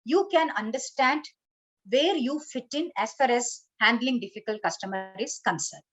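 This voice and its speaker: Woman trainer on a video call, fairly high voice, keeps saying okay. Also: normal speed, fairly bright tone, low-quality recording. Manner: instructive, repeats okay and you know. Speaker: corporate trainer. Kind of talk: online training session.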